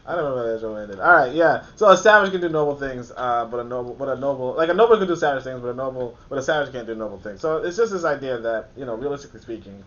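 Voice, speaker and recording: A man's voice: animated, very fast, few pauses, a bit bright. A man hosting a casual book discussion, rambling with lots of fillers and restarts and frequent laughs. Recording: muffled, faint background rumble.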